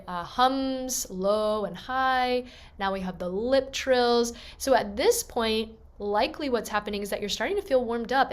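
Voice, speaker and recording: A female voice teacher guides a gentle, encouraging vocal warm-up, demonstrating each sound herself in a slightly high voice.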